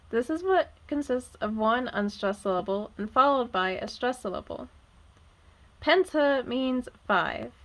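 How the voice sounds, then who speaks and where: A young woman in her twenties narrates a poetry lesson in a fairly high, light voice. She speaks clearly and deliberately from a script. She slows right down whenever she marks where a syllable is stressed. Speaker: student teaching poetry.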